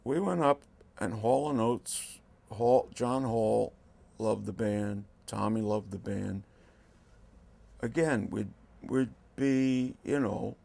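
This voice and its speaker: A man's voice: lowish voice, takes it slowly, vocal fry, long pauses. A man in his sixties, a rock guitarist, telling stories in an interview and acting out what others said. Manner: animated storyteller, acts out quotes. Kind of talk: storytelling interview.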